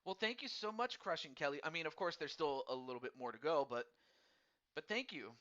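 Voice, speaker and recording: A man's voice: fairly high pitch, lively intonation, brisk, pushed and bright, muffled recording. A man hosting a casual live-streamed hockey draft, rambling and repeating words in a friendly, upbeat way.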